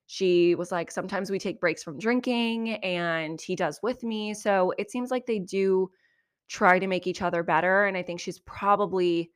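A woman hosting a podcast, giving a chatty, animated recap of reality TV with lots of asides. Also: lowish voice, dry recording, clean studio sound. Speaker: podcast host.

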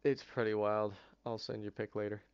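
A man's voice: fairly low pitch, little pitch movement, brisk, clear, resonant tone, dull audio. A man hosting a podcast, telling a long story in casual chat, with lots of fillers and swearing. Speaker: podcast host. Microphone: headset over online voice chat.

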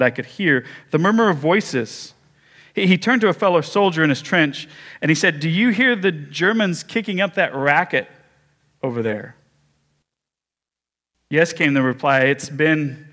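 A man pastor preaching a sermon, telling a story with measured pauses and small restarts. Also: a little high, a bit bright.

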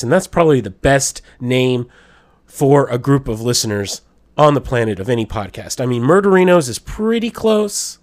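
A man hosts a podcast in casual, animated chat, telling a rambling story and swearing freely. His voice sits at an ordinary middle pitch. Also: moderate pace. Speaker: podcast host.

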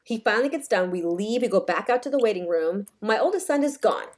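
Animated woman telling a story. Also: mid-range voice, fairly quick. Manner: animated, acts out voices in her story. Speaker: podcast co-host. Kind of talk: casual storytelling chat.

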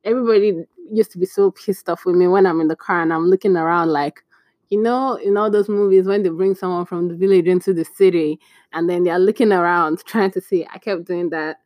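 A young woman in casual storytime chat, chatty and animated, acting out bits of dialogue with exclamations. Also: on the low side, brisk, no room sound. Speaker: vlogger.

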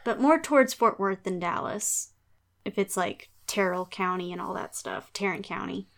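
A woman's voice: mid-range voice, moderate pace, creaky, a bit bright. A woman with a Texas accent, co-hosting a casual chat podcast, joking and laughing easily between stories. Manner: laughs often, jokey asides. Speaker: podcast co-host.

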